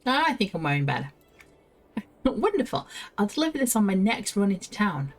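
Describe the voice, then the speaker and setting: A woman's voice: medium pitch, big pitch swings, normal speed, soft background music. A woman streaming a video game, chatting casually, laughing to herself and reading quest text aloud. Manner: chatty, giggly, talks to herself.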